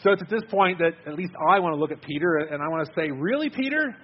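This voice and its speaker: A man's voice: a little high, steady tone, quick pace, dull audio. A man giving an earnest, conversational sermon, repeating words as he stresses his points. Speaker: preacher.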